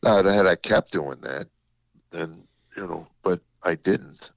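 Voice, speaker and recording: An older man, a comedian guest, telling stories in a reflective, halting way with many fillers, on a dull lo-fi recording. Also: deep voice, gravelly, no echo. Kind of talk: casual interview storytelling.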